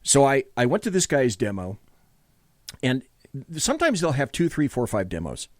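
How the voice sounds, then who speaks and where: A male talk show host with a lively, up-and-down voice, rambling excitedly and swearing freely as he tells his stories. He is heard on a close, dry studio mic. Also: mid-range voice, normal speed, no echo. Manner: excitable, rambling storyteller with cursing. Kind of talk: casual late-night talk show banter.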